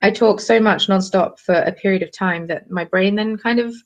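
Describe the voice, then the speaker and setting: A young woman hosting a live craft stream, chatting in a bubbly, excitable way. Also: medium pitch, moderate pace. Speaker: craft channel host. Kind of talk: casual live-stream chat.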